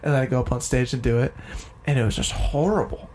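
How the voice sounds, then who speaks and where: A man's voice: mid-range voice, fast, a little mellow, a little hiss or hum. A young man co-hosting a podcast, telling stories in a joking, self-mocking way. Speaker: podcast co-host. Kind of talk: casual chat.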